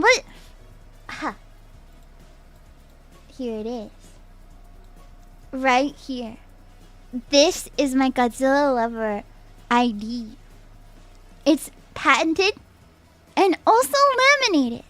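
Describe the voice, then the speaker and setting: With soft background music, a young adult VTuber speaks slowly in a high, lively voice, leaving long pauses. She casually chats with viewers and reads their chat aloud, laughing a lot and repeating phrases she's said.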